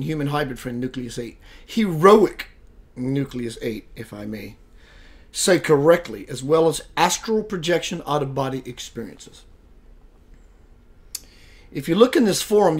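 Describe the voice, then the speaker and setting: A man hosting a spiritual web radio show, chatting casually and playfully, greeting viewers by name and laughing often. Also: on the high side. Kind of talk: casual livestream chat.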